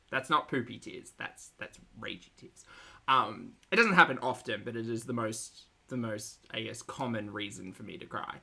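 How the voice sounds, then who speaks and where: Bright-voiced chatty woman streamer. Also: extremely low pitch, huge pitch swings, measured pace, vocal fry, husky. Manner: chatty, sarcastic, swears and laughs often. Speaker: reaction streamer. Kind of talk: casual commentary.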